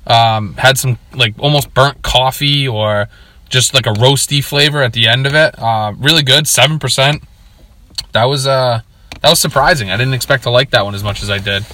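A man's voice: mid-range voice, moderate pace, bright, forceful tone. A man co-hosting a casual beer podcast, blunt and teasing with a wry edge. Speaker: podcast co-host. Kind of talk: casual chat.

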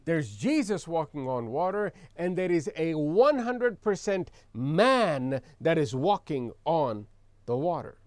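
High-voiced man preaching a sermon. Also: big pitch swings, slow, darkish tone, dry recording. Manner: reads scripture aloud, then explains with emphatic repetition; leads the congregation in call-and-response. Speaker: pastor.

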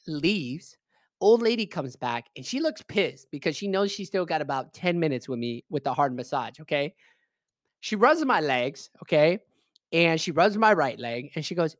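A man telling a personal story in casual, animated, emphatic speech, swearing freely. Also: fairly high pitch, moderate pace, no echo. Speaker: podcast host. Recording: dry close voice message.

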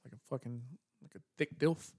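A man's voice: mid-range voice, brisk, no room sound, studio quality. A middle-aged man hosting a podcast, joking and teasing in casual chat with a laid-back, slightly mumbled voice. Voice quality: mumbly, relaxed voice. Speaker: podcast host. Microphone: studio microphone.

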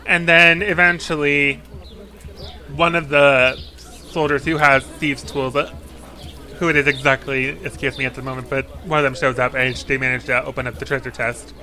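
Bright-voiced man running a tabletop game. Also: medium pitch, level tone, moderate pace. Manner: loose, rambling narration with fillers. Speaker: dungeon master.

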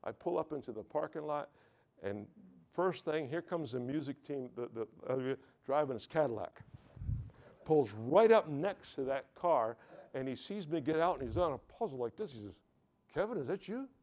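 A man's voice: on the high side, lively intonation, normal speed, a little mellow. An American man preaching a sermon, telling a personal testimony, often stumbling and repeating words and calling out to the congregation for amens.

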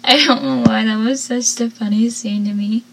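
A woman's voice: a little high, steady tone, normal speed, vocal fry, fairly bright tone, breathy edge. A teenage girl recapping a TV episode in casual commentary, giggly and chatty with lots of "like" fillers.

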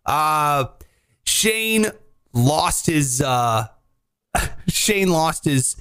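A man's voice: on the high side, very slow, clear, resonant tone. A man hosting a casual comedy talk show, telling stories with lots of energy and swearing freely. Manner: animated storyteller, swears freely. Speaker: morning show host.

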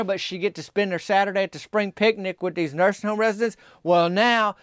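A young man with a drawl rambles through a comic small-town story, drifting loose and conversational. His voice sits a bit high, and he jumps higher still whenever he quotes someone. The sound is dry and close, with no room around it. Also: fairly bright tone, clear, resonant tone, dry recording. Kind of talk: folksy comic storytelling monologue.

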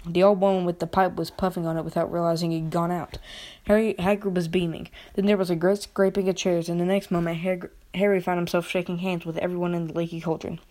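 A woman reading a children's novel aloud at an unhurried pace, now and then stumbling and restarting a word. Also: lowish voice, flat delivery, a little mellow. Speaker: reader. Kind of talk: amateur audiobook reading.

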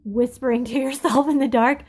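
Candid woman talking it through, slightly high. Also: fairly even intonation, darkish tone. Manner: candid, confessional, halting with many ums. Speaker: podcast host. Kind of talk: casual reflective monologue. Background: phone texting interruptions.

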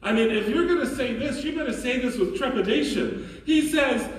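Priest preaching in an echoey church. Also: male voice, very high voice, recorded from a distance. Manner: earnest, questioning, emphatic with dramatic pauses. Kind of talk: sermon. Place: large church.

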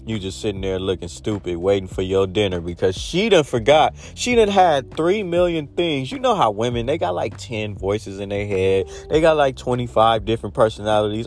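A man's voice: medium pitch, normal speed, hardly any pauses. A man in a casual monologue giving blunt dating advice, acting out little scenes as he goes. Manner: blunt, animated storytelling with acted-out quotes.

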